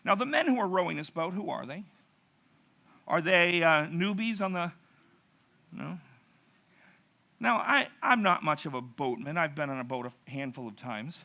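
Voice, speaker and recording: A middle-aged pastor telling a narrative sermon, acting out quotes with dramatic pauses. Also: male voice, on the high side, lively intonation, vocal fry, pushed and bright.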